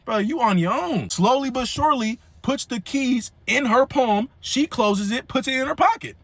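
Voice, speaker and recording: A young man vlogger telling a story casually, full of slang and fillers, animated. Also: extremely high pitch, normal speed, dry recording.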